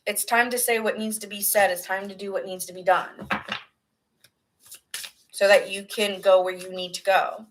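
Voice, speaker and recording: A woman's voice: mid-range voice, flat delivery, normal speed, pauses often, slight background noise, poor audio. A woman giving a casual tarot reading, earnest and rambling, sometimes dropping into whispered asides. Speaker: tarot reader.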